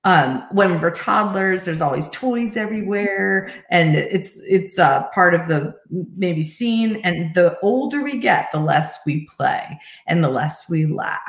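A middle-aged woman coach speaks in an earnest, reflective way, slipping in soft laughs now and then. Her voice sits a little low, and the room around her is echoey. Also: animated, unhurried, vocal fry, hardly any pauses. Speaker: life coach, guest. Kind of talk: conversational interview storytelling.

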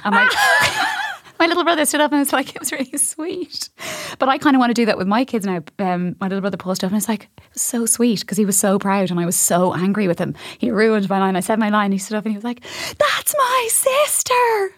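A woman's voice: medium pitch, lively intonation, fast, fairly bright tone, no echo, studio quality. A woman hosting a podcast, a chatty, self-mocking storyteller. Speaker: podcast host. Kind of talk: casual chat.

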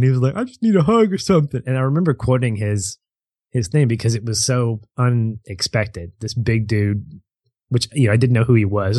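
A man's voice: fairly low pitch, a little mellow, no echo. A man co-hosting a casual movie discussion, thoughtfully recalling scenes at length. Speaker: podcast co-host.

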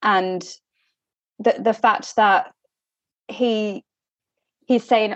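A young woman hosting a podcast, chatting casually and in an animated way, often restarting her sentences with a laugh. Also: medium pitch, very slow, long pauses, dry recording. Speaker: podcast host. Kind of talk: casual chat. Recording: dull lo-fi audio.

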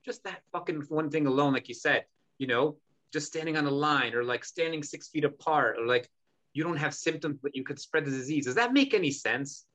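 A man's voice: a little high, a little fast, a bit bright, rough recording. A man hosting a podcast who rants in heated, emphatic talk and swears a lot. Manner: profane, ranting, emphatic. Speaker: podcast host.

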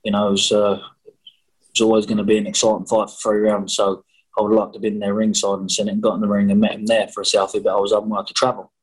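A man's voice: on the low side, monotone, fast, poor audio. A man, answering interview questions over a video call in a cheeky, rambling, jokey way. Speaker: boxer interviewee. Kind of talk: casual remote interview.

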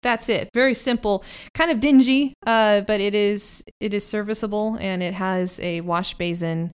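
Smooth-voiced woman narrating as game master. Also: mid-range voice, fairly even intonation. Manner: chatty and halting, with laughs.

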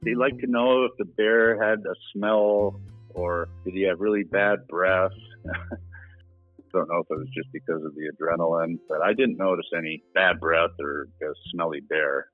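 A plainspoken man with a very low voice tells his own story casually and laughs now and then. He sounds thin and phone-like, dry and close, with faint music behind him. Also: unhurried, no echo. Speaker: interview guest. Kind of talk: casual recounting.

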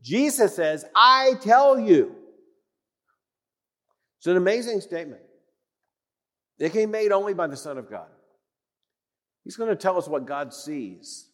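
A man preaching an emphatic sermon in a church, repeating phrases for weight and swinging from loud declarations to hushed tones. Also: fairly high pitch, lively intonation, normal speed, pauses often. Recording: long reverb of a church hall.

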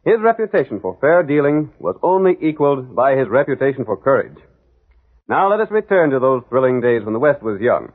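A man's voice: medium pitch, big pitch swings, fairly quick. A man narrating a 1940s radio drama as announcer, with dramatic announcing. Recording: tinny old radio broadcast.

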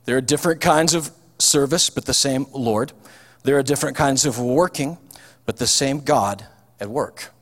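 A man's voice: medium pitch, normal speed. A man preaching a sermon in a chatty, folksy way, with frequent fillers and restarts. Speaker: pastor. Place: church hall. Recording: long hall reverb.

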